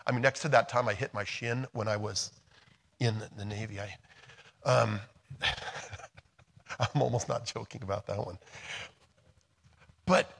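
A middle-aged American man preaching a sermon, moving between quiet, soft passages and loud, emphatic storytelling. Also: medium pitch, unhurried, gravelly, pauses often. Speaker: pastor.

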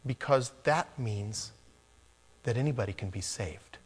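A man preaching a verse-by-verse sermon in a conversational way. He drops to hushed, near-whispered appeals, then rises into emphatic exhortation. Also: medium pitch, unhurried, slight background noise. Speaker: pastor. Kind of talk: expository sermon.

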